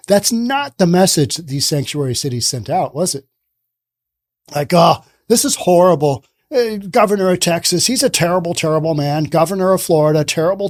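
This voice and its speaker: A man's voice: on the high side, a little mellow, no echo, clean studio sound. Sarcastic ranting man on his podcast. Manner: sarcastic, ranting, mocks others in put-on voices. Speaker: podcast host. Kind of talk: opinion podcast commentary. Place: based in the Pacific Northwest.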